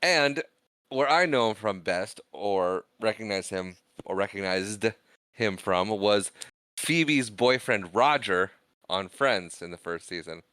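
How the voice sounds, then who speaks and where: A man's voice: fairly low pitch, expressive, slow, bright, forceful tone, clear, resonant tone, no room sound. A man co-hosting a casual movie podcast, laughing often and reading out the credits. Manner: laughing, self-deprecating, reads credits aloud. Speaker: podcast co-host. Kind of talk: casual chat.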